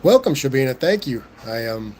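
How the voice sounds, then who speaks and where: A young man with a Southern Californian accent, hosting a casual livestream and reading chat comments. He talks in a relaxed, stammering way and chuckles often. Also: mid-range voice, normal speed, a little hiss or hum. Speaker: livestream host.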